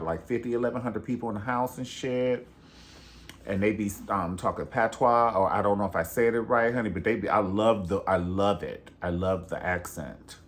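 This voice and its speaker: A man chatting casually and sassily, gossipy and profane, calling the viewer "honey". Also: on the low side. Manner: sassy, gossipy, profane, says "honey" a lot. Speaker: reality TV reviewer. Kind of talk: casual chat.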